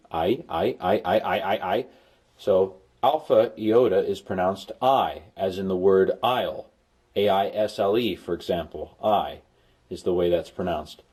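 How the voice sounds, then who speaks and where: A middle-aged man teaching a recorded Greek lesson, sounding out vowels slowly and repeating them with enthusiasm. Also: sits low, darkish tone, husky.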